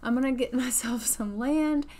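A woman's voice: sits high, normal speed, dark tone, close to an everyday voice. Woman plays headstrong young woman, firm insistent lines, game let's-play. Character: stubborn determined young woman, a daughter.

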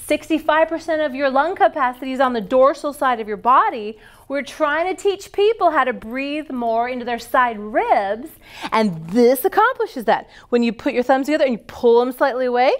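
Upbeat high-voiced woman leading yoga. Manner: upbeat, playful, cue-giving. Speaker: yoga teacher trainer. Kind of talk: live yoga teacher training class.

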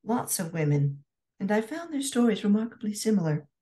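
A woman voicing a witty young Scotswoman corset maker, frank and dryly teasing, a little higher than her narration. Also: big pitch swings, a little fast, mellow, natural voice.

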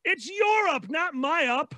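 A tipsy man with a Chicago accent hosting a comedy panel, telling rambling, excitable stories. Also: very high voice, a little slow, dry recording, clean studio sound. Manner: rambling, excitable, does voices in anecdotes. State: tipsy from drinking. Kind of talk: drunk comedic storytelling. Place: convention panel stream.

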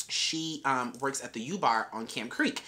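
A woman's voice: a bass voice, lively intonation, a little slow, sharp tone. A young woman telling a wild story in a vlog, brash and full of swearing. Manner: brash, profane, chatty storytelling. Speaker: vlogger.

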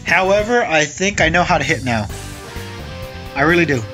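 A young man with a slightly high voice rambles through casual gameplay commentary, cursing whenever the game turns on him. Game music plays clearly behind him. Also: expressive, moderate pace, sharp tone. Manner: rambling, swears when frustrated. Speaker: gaming channel host.

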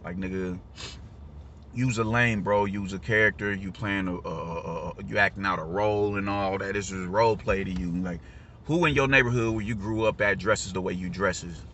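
A reaction vlogger with a deep voice rants off the cuff at a normal speed, hammering his points, repeating himself, swearing freely and saying "you dig" over and over. The lo-fi audio is swamped by loud traffic noise.

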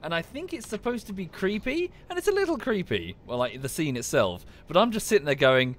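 A man's voice: high-pitched, very animated, fairly quick, hardly any pauses, slight background noise. A man from the UK chatting casually while streaming a game, with dry muttered asides. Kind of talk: casual gameplay commentary.

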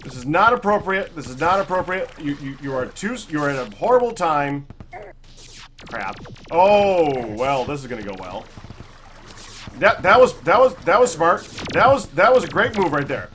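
A man's voice: a little high, big pitch swings, moderate pace, fairly bright tone, a little hiss or hum. A man giving live commentary on his own gameplay, talking frantically, stammering and turning sarcastic when things go wrong. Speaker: gaming channel host.

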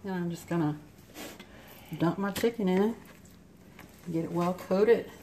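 A woman's voice: on the low side, measured pace. A woman cooking at home, chatting through each step of a recipe while her mouth is still numb from the dentist. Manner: chatty, explains each step as she goes. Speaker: home cook. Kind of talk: casual cooking demonstration. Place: home kitchen. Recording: home kitchen clatter and noise.

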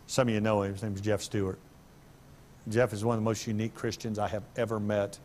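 A middle-aged male pastor preaching a sermon in a church, breaking into sudden loud, high bursts of emphasis. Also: a little hiss or hum. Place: church sanctuary.

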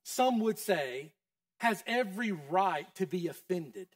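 A man's voice: high voice, lively intonation, slow pace, dry recording, clean studio sound, far from the mic. A man preaching a sermon as pastor, in a casual, conversational way that keeps quizzing the congregation. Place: church.

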